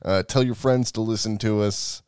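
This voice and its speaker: A man with a lowish voice co-hosts a podcast, chatting casually and rambling as he goes. He swears freely and laughs a lot, and his voice sounds dry and close, with no room sound. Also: steady tone, moderate pace, a little mellow, smooth, no room sound. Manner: laughs often, swears, loose rambling delivery. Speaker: podcast co-host.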